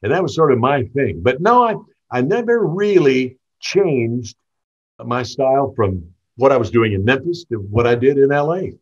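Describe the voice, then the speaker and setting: A man's voice: medium pitch, moderate pace, highs cut off. An older man from Tennessee with a light Southern accent, a veteran radio host telling stories in an interview and acting out the quoted lines. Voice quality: smooth, polished broadcaster delivery. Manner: animated, acts out quoted dialogue. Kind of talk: storytelling reminiscence.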